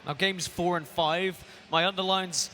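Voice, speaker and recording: A bright, slightly high-pitched man steers the conversation and passes questions along to his co-hosts. His voice rings out with a long hall reverb, and faint music plays underneath. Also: steady tone, unhurried, slight background noise. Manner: leads the talk, handing questions to analysts. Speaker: esports show host. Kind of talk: hosting an analysis desk.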